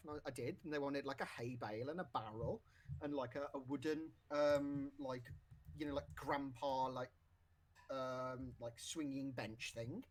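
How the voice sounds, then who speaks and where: A man's voice: mid-range voice, steady tone, moderate pace. A man co-hosting a casual podcast, rambling with lots of fillers and restarts, currently with the hiccups. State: has the hiccups. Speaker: podcast co-host.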